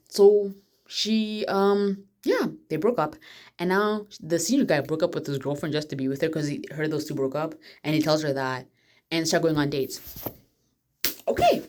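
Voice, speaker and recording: A woman excitedly recapping a show's plot in a chatty, casual way. She jumps back and forth through the story. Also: low-pitched, moderate pace. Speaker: vlogger.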